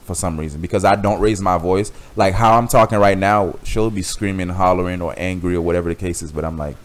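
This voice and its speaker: A man's voice: sits low, fast, hardly any pauses. A young man from Miami chatting casually, laid-back, using street slang and swearing freely. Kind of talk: casual chat.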